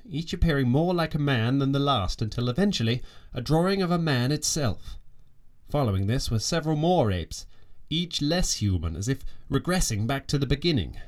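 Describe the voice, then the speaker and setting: An actor gives voice to a self-important naturalist aboard a sailing ship, feuding by letter in a comedy audio play. He reads everything in a stiff, formal manner. His pitch is ordinary for a man. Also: lightly acted. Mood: deadpan. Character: pompous, petty male ship's naturalist in 1832. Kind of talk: comic audio drama.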